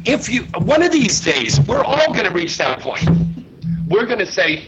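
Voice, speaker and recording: A man's voice: sing-song, moderate pace, lo-fi sound, over music. A man hosting a live panel talk show, joking and teasing his guests. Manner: joking, teasing, wildly swinging pitch.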